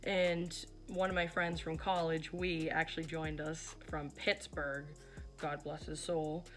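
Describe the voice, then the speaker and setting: A woman's voice: sits low, flat delivery, unhurried, faint music behind. A young woman narrating her vlog in a chatty, casual way, with lots of fillers. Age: young adult. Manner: chatty, filler-heavy, teasing. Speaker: vlogger.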